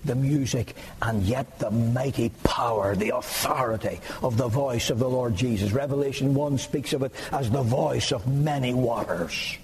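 A man preaching a sermon, emphatic and rising to impassioned high peaks. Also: darkish tone, slight background noise, rough recording.

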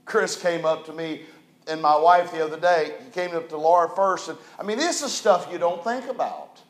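A pastor with a notably high voice delivers a sermon, dropping to quiet storytelling and then swelling into loud, emphatic declarations. The sound carries the roomy echo of a church hall. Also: male voice, normal speed. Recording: echoey church room.

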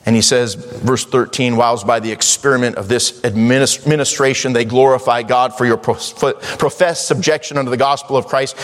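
A pastor preaching from the pulpit. His voice sits at an ordinary male pitch and rings through a church sanctuary with a long reverb tail. He reads scripture in slow, weighty King James cadence, then pushes upward into fervent emphasis. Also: steady tone. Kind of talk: sermon.

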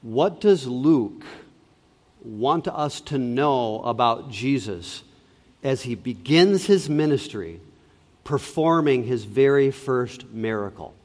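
A man preaching a sermon as pastor, stressing and repeating key words deliberately. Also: medium pitch, expressive, a little mellow, long reverb tail. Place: church sanctuary.

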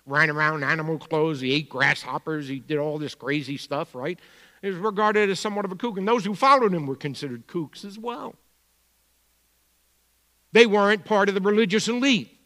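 A pastor with a Bronx accent preaching a sermon, moving between quiet asides and emphatic points. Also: male voice, on the high side, moderate pace, big-room sound.

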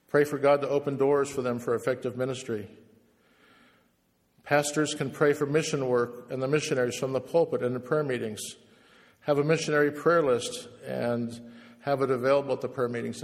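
A man's voice: mid-range voice, in a large hall. A man preaching a passionate, emphatic sermon to a room of pastors, hammering points home by repeating words. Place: church, speaking to pastors in the room.

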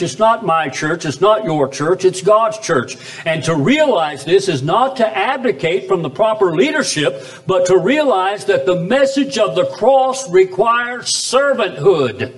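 Male pastor, high voice, emphatic sermon delivery with wide pitch swings. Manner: preaching with sweeping pitch swings, drawn-out emphatic phrases. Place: church chapel.

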